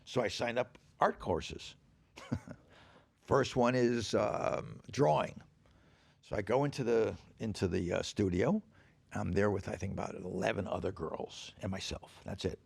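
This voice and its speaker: A man guesting on a podcast, telling anecdotes in an animated, profane way and acting out the people in them. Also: on the low side, measured pace, gravelly, breathy edge. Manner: animated, profane storyteller who acts out quoted dialogue. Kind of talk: anecdotal storytelling. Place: podcast stage.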